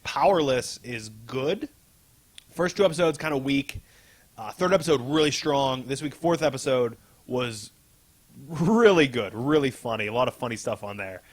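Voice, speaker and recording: A man's voice: medium pitch, brisk. A man co-hosting a podcast, casually recapping a comic with a rambling, laughing delivery and casual swearing. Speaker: podcast co-host.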